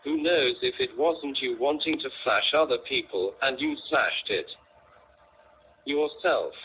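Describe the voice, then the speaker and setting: A bullying young street thug, sneering and scornful, as a man reads him in a storybook. The voice drawls slowly and sounds thin and tinny, with a faint hiss underneath. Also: mid-range voice, natural voice. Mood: angry. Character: sneering young male mob boss, bullying.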